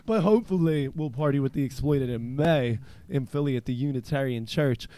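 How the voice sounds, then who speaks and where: A man's voice: medium pitch, brisk, mellow. A man from eastern Pennsylvania hosting a casual chat show, telling stories in a rambling, profane way with lots of filler words. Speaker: podcast host.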